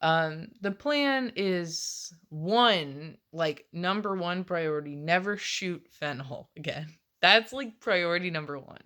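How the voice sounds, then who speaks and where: A woman's voice: lowish voice, lively intonation, slow pace, fairly bright tone. A woman in her late twenties rambling casually in a confessional vlog, swearing often and laughing between phrases. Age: late 20s. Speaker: vlogger.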